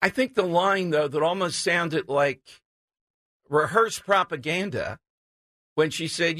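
Emphatic talk radio host, bright and dry. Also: male voice, on the high side, measured pace, dry recording. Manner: emphatic, sarcastic. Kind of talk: opinionated talk radio commentary.

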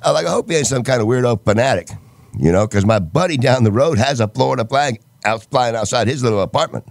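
A man's voice: mid-range voice, lively intonation, fast talker, vocal fry, dry recording. A man from Michigan in casual chat, telling rambling stories with restarts. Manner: rambling storyteller with stops and restarts.

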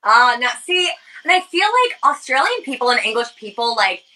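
A woman's voice: a little high, big pitch swings, normal speed, bright, forceful tone, low-quality recording. A young woman from the United States hosting a podcast, chatting casually with many fillers. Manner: casual, filler-heavy, lots of "like". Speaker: podcast host. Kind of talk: casual chat.

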